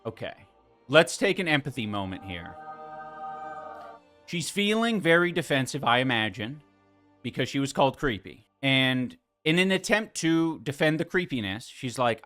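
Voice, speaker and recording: A man's voice: mid-range voice, expressive, normal speed, a bit bright, faint music behind. A man hosting a podcast stream, reacting to a clip with exasperated, sarcastic commentary and plenty of swearing.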